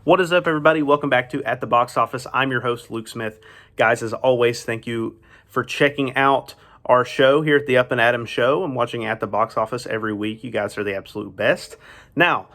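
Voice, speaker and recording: A man's voice: medium pitch, brisk, sharp tone. A man hosting a film review show, presenting alone in a chatty, opinionated way with laughing asides. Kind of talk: solo presenting to camera.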